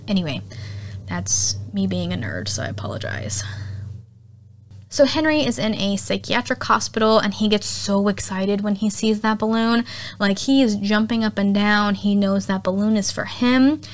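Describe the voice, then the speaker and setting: A woman hosting a podcast, chatting casually through a horror movie recap, often quoting characters in lively voices. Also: medium pitch, normal speed. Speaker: podcast host.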